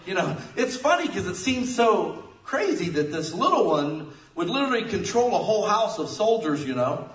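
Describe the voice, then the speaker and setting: A man preaching a sermon, telling jokey stories with sudden loud outbursts. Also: sits high, very animated, moderate pace. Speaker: pastor. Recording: echoey room, mic at a distance.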